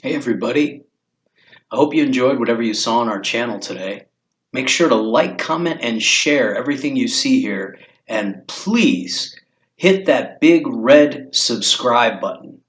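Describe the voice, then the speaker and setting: A man's voice: medium pitch, expressive, a little slow, a bit bright. A man giving a scripted, friendly outro asking viewers to subscribe. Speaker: channel host outro.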